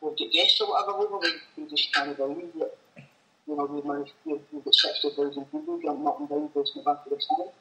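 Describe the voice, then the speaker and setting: A man talking as a guest in casual chat, halting and repeating words. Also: fairly high pitch, animated, pushed and bright, rough recording. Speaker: guest, supporters' group member.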